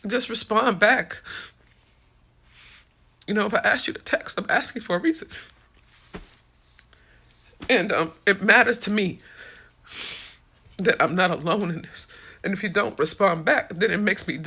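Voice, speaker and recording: A woman's voice: medium pitch, normal speed, vocal fry, long pauses, bright, forceful tone, slightly rough. A woman hosting a casual live stream, talking through comments with viewers in an impassioned, swearing, tired way.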